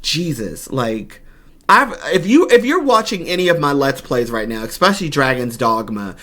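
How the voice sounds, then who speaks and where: Guy hyping up a game trailer on his channel, excited and gushing, mid pitched voice. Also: moderate pace. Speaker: gaming YouTuber. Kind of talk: trailer reaction commentary.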